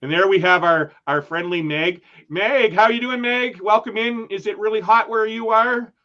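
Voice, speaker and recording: A man hosting a relaxed travel livestream, reading out the chat and joking with his co-host. His voice sits somewhat high, and the stream audio sounds muffled and lo-fi. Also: moderate pace. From Canada. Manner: chatty, reads viewer comments aloud, laughs often.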